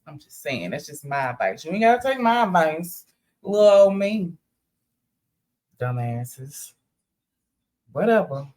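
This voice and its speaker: A woman's voice: medium pitch, animated, takes it slowly, long pauses, a little mellow. A woman chiming in with casual, slangy, sarcastic commentary. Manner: drawling, slangy, sarcastic asides.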